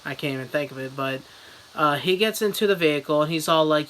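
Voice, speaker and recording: A man's voice: a little high, fast talker, a bit bright, a little hiss or hum, rough recording. A man giving a goofy, rambling mock book review as a comedy vlogger.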